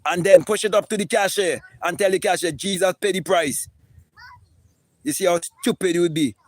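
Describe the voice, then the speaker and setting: A man's voice: high-pitched, quick pace, darkish tone. A man, streaming a live spiritual talk in an emphatic, preachy and profane way, often repeating words. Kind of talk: impassioned live-stream monologue.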